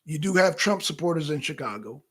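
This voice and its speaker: A man's voice: fairly high pitch, a little fast, breathy edge. A man co-hosting a political talk show, talking casually and profanely straight to his viewers. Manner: animated, profane, chatting directly to viewers. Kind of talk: casual livestream commentary.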